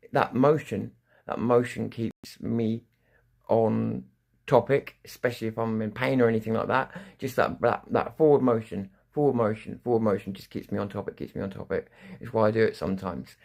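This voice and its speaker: Gravelly man rambling on a livestream. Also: medium pitch. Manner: rambling, restarts sentences, swears freely. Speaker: livestream news host. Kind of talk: casual live-stream monologue.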